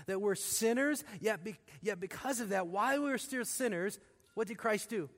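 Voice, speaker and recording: High-pitched guy preaching, drops quiet then gets loud, lots of rhetorical questions, long hall echo. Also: expressive, normal speed. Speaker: pastor. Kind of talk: sermon. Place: church.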